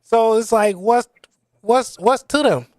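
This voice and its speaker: High-voiced, dry-sounding Chicago man. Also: takes it slowly, no room sound. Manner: joking, slangy, sharp retorts. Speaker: podcast co-host. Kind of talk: casual chat.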